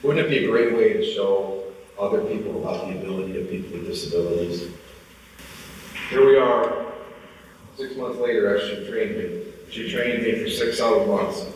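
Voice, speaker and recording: A man in his forties giving a motivational speech, telling a personal story and getting more animated as he goes. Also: fairly low pitch, moderate pace, long pauses, slight background noise. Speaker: motivational speaker. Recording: echoey hall, from far off.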